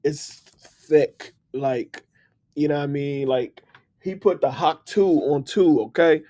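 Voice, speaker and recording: A man's voice: a little high, measured pace, mellow. A man with a DC accent chatting casually on a livestream, laughing and talking straight to his viewers. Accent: Washington DC. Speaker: livestream host and book writer.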